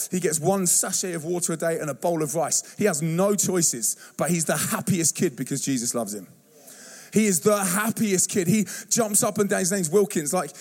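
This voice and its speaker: An animated male preacher, speaking in a fairly high voice. He tells lively stories to a church congregation, jumping into slang and put-on voices as he goes. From England. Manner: animated storytelling, acts out youth slang and voices. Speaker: youth preacher. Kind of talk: sermon. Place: church hall.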